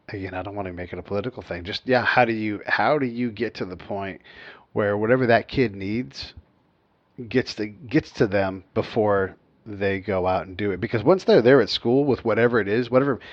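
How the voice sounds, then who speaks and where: A man with a low voice speaks earnestly and thoughtfully in a relaxed podcast conversation. The recording is dull and lo-fi, dry with no room sound. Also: dry recording. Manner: earnest, reflective, frequent "yeah" backchannels. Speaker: podcast co-host. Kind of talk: casual chat.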